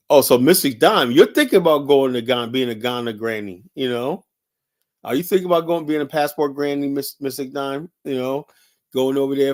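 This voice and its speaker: A man hosting a livestream, rambling and heated, answering viewer chat with constant "you know" fillers. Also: medium pitch. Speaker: livestream host. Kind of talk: casual live-stream commentary.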